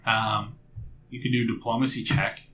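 A man running a tabletop game as game master, narrating in a casual, relaxed way. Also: fairly low pitch, normal speed, a little hiss or hum, low-quality recording.

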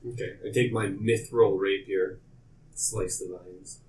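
A man's voice: low-pitched, fairly even intonation, measured pace, a little mellow, distant mic, rough recording. A man playing a tabletop game, dry and insistent. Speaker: player.

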